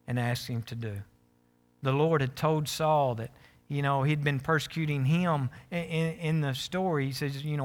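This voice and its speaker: A man preaching a sermon as pastor, animated, acting out the scripture characters he reads. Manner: animated, acts out scripture characters with rising pitch.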